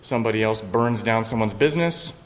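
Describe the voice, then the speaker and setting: Chill wry dude co-hosting a boxing podcast, lowish voice, echoey room with faint background hum. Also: male voice, brisk. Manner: laid-back, wry, opinionated. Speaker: podcast co-host, youth football assistant coach. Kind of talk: casual chat.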